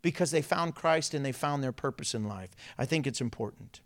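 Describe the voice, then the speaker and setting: A man preaching a sermon as pastor in a church, playful and energetic, joking with the congregation. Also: mid-range voice, brisk. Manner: playful, self-mocking, energetic.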